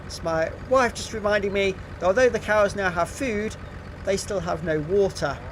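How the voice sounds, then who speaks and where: A man's voice: high-pitched, normal speed, slight background noise. A middle-aged English man chatting casually on a live stream, reading out viewer comments with frequent ums and uhs. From England.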